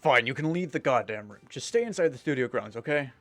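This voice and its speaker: A man voicing a gruff, impatient police detective who speaks in an exasperated, commanding way, over faint game music. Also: mid-range voice, lively intonation, fast talker, fairly bright tone, dry recording, lightly acted.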